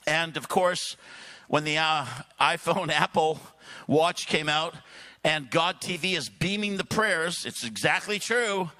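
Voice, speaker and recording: A man speaking at a church service, telling a long story with lively asides and frequent throat clearing. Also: on the high side, slow. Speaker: guest speaker. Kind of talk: sermon storytelling.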